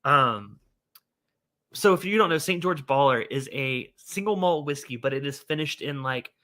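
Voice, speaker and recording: A man hosting a casual whiskey livestream, animated and scolding himself with frequent exclamations. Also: medium pitch, normal speed.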